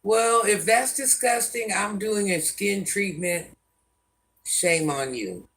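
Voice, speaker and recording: Speaking slowly in a medium-pitched, gravelly voice with a bit of brightness, an older woman runs a casual livestream. She fires back at viewer comments bluntly and sassily, frequently talking about herself in the third person.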